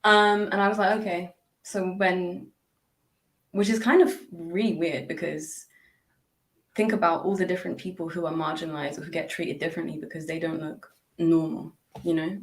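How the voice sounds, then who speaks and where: A woman's voice: fairly low pitch, steady tone, normal speed. A woman guest on a podcast, talking casually and reflectively, chatty with frequent laughs and lots of fillers and restarts. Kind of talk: casual reflective interview talk.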